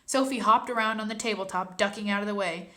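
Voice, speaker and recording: A woman reads a children's storybook aloud in a gentle, expressive way. Her tone is bright and forward. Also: mid-range voice, quick pace. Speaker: narrator.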